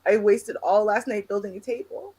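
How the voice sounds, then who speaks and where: A woman from Canada co-hosting a podcast, telling stories in an animated, dramatic, chatty way. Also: mid-range voice, moderate pace, slightly rough. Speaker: co-host. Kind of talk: casual chat.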